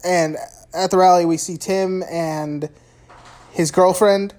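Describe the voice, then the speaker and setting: A woman's voice: lowish voice, fairly even intonation, slow, a little mellow. A woman podcast host in casual chat, recapping a film with plenty of swearing and laughter, acting out the characters' lines.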